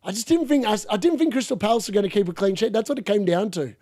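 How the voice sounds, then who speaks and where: Man, Australian-tinged English accent, live watch-along commentary, blunt and chatty, slightly high voice, dry sound. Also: fast talker, dry recording. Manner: chatty, blunt, swears casually, reacts loudly to chances. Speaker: fantasy football streamer.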